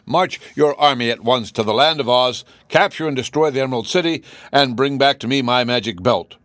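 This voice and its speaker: A man voicing a furious, tantrum-prone gnome king who shouts his lines. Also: fairly quick, no room sound, clean studio sound, natural voice. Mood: raging. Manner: shrill and shouting.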